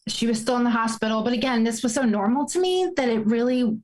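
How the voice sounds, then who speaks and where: A woman's voice: a little high, expressive, quick pace, a little mellow, rough recording. A woman in her forties telling a painful personal story, fighting back tears as she speaks. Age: 40s. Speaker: guest.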